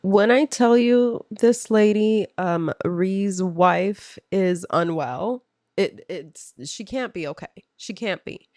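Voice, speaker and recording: A woman commentator reacts with slow, deliberate delivery, incredulous and emphatic. She repeats phrases for effect. The recording is dry and close, and her voice sits mid-range. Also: mid-range voice, a little mellow, no room sound. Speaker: host reacting to a story.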